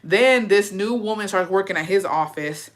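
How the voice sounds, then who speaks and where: A woman's voice: mid-range voice, moderate pace. A young woman casually recapping a show, swearing freely and acting out the characters' lines as she tells it. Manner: profane, animated storytelling with put-on quotes. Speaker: vlogger.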